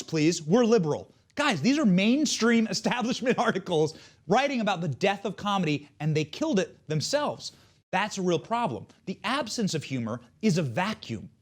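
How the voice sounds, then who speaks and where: A man hosting a show, delivering scripted political commentary in a mocking, sarcastic way. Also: sits high. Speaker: show host.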